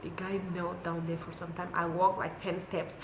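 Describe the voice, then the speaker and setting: A young lifestyle vlogger with a Cameroonian English accent tells a personal story on her vlog, animatedly acting out what people said. Her voice is on the low side at a normal speed. The room is echoey, with background noise.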